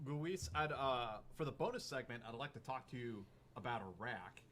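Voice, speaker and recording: A man's voice: mid-range voice, moderate pace, a bit bright, a little hiss or hum. A man hosting a podcast interview, steering his guest to the next topic in a conversational way with light hesitations. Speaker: podcast host.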